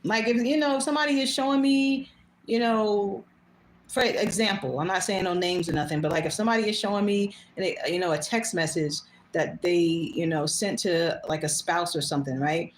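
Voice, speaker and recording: A woman's voice: lowish voice, moderate pace, a little hiss or hum. A woman hosting her own show, talking bluntly and casually, swearing freely and laughing often. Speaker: host. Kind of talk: casual monologue. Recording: echoey room.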